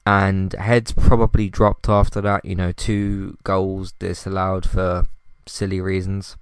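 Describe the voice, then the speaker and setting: A man's voice: low voice, level tone, slow, smooth, dry recording, clean studio sound. A man hosting a casual solo podcast, rambling and exasperated, sighing and restarting his sentences. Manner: frustrated, rambling, many restarts and sighs. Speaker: podcast host.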